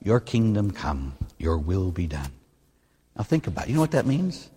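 Brief: male Catholic priest preaching in a church, lively delivery, reverberant room. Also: low voice, moderate pace, slightly rough. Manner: animated preaching, rising to near-shouting when stirred. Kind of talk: sermon.

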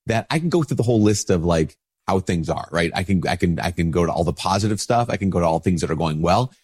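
A priest with a stuffy nose from a cold, giving an informal spoken reflection with many restarts. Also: male voice, low-pitched, lively intonation, fast talker, darkish tone, slightly rough.

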